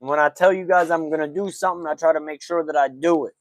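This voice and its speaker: A man hosts a casual livestreamed sports talk show. His voice sits on the high side. He talks loosely and in slang, greeting his chat by name as he goes. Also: steady tone, quick pace, no room sound, poor audio. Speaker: podcast host.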